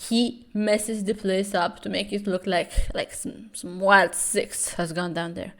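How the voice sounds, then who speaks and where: A woman's voice: medium pitch, steady tone, unhurried. A young woman recapping a webtoon as comedy commentary, sarcastic and profane, with mocking asides and over-the-top dramatic readings.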